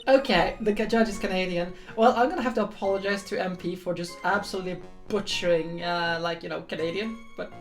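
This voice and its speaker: A woman's voice: fairly low pitch, fairly quick, few pauses. Casual woman streamer, filler-heavy, self-deprecating; light music under her talk. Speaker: game streamer. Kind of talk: casual commentary on a game.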